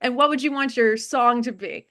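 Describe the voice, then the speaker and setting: A woman's voice: a little high, fairly even intonation, normal speed, fairly bright tone. A woman hosting a casual interview, gushing and reacting eagerly to her guest. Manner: gushing, reacts with gasps and laughs. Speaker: podcast host.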